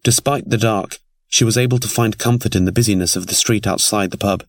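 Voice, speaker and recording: A man narrates a story in a measured, steady way. His voice sits on the low side and is recorded dry and close, with no room sound. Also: no echo. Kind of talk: scripted audiobook narration.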